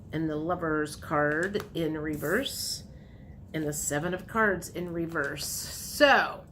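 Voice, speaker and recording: A woman's voice: mid-range voice, a bit bright, a little hiss or hum. A woman giving a casual tarot reading to her viewers, chatty and repetitive, sometimes acting out what the listener might say. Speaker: tarot reader.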